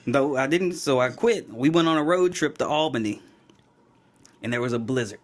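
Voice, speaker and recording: A man's voice: medium pitch, normal speed. A young man on a casual podcast, telling long stories with a laugh and acting out the people in them. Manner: animated storyteller who acts out quoted people, laughs often. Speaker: podcast co-host. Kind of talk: casual chat, storytelling.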